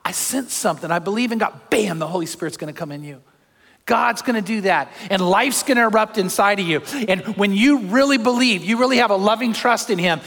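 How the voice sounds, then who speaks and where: An older male pastor with a high voice preaches in a church, his words trailing into a long hall reverb. He moves between soft, personal asides and lively, acted-out crowd shouts. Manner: animated storytelling, acts out crowd shouts. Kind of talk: sermon. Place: church sanctuary.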